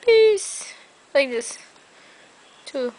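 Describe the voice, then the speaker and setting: A woman's voice: high voice, sing-song, extremely slow, a little mellow, a little hiss or hum. A young woman in a playful home video, talking to a small child as his aunt in teasing, sing-song baby talk, recorded indoors on a handheld camera.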